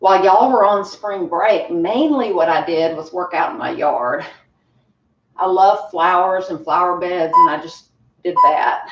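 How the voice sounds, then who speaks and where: Woman fitness instructor, winded, cheerful coaching, unhurried; roomy far-off home recording. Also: lowish voice, highs cut off, noisy background. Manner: encouraging, chatty, laughs often. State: out of breath. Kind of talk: home workout class.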